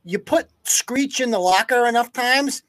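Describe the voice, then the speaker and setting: A man's voice: extremely high pitch, measured pace, fairly bright tone, no room sound. A man hosting a live news-commentary podcast, ranting with heavy profanity and sarcasm. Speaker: podcast host.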